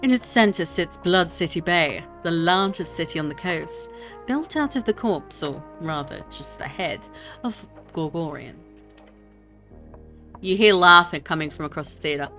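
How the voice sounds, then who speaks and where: A woman's voice: on the low side, normal speed, sharp tone, faint music behind. A young woman streamer, reading a game aloud and chatting with her viewers in a rambling, self-deprecating way.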